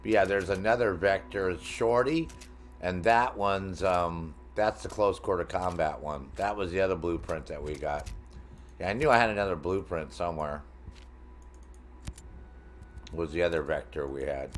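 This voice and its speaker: A middle-aged man with a low voice chats loosely while he plays a game on stream. He rambles from topic to topic, swearing freely and joking with his viewers. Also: moderate pace, a little hiss or hum. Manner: rambling, profane, jokey, talks to chat. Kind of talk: casual gaming stream chat.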